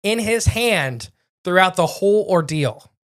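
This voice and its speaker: A young man in a relaxed podcast setting, narrating a ghost story in a slightly higher-than-average voice. He rambles, restarts sentences and fixes his own slips as he goes. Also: unhurried. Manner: rambling, self-correcting storyteller. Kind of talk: casual storytelling chat.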